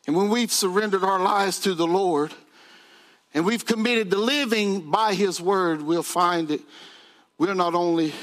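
A man preaching a sermon to his congregation, building emphasis through repetition. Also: sits high.

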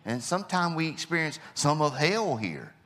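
A man preaching a sermon, impassioned, swinging between loud declarations and hushed low lines. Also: sing-song, moderate pace.

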